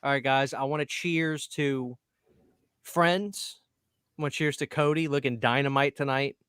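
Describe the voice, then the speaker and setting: A man's voice: medium pitch, steady tone, unhurried, a bit bright, clear, resonant tone, no room sound, studio quality. A man hosting a casual livestream, upbeat and reading out chat names. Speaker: livestream host.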